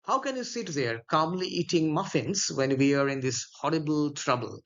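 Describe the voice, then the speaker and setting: Jack, a man reading as an exasperated young gentleman, indignant and put-upon, in a plain read-aloud delivery. The voice sits a little high. The recording is dull and lo-fi. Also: animated, moderate pace.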